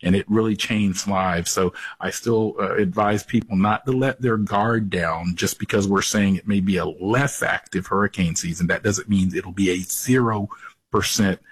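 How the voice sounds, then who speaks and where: A male meteorologist answering questions on a radio interview in a measured, explanatory way. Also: fairly low pitch, slightly rough, no room sound, low-quality recording. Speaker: meteorologist guest.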